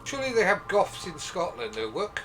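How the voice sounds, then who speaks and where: A man's voice: sits high, huge pitch swings, brisk. A man in his forties streaming a video game, chatting casually with joking, self-deprecating asides. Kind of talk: casual gameplay commentary. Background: game music.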